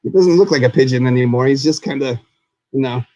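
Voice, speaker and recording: A man hosting a live puppet talk show as a goofy, chatty skeleton, rambling and excitable, and referring to himself in the third person. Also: mid-range voice, fairly quick, no echo, dull audio. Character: goofy skeleton host, male, chatty and silly. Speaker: host.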